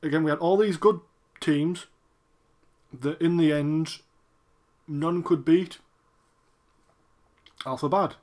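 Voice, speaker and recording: A man reviewing a wrestling show in casual chat and reacting to the matches, excitable and quick to cheer at the screen. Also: on the high side.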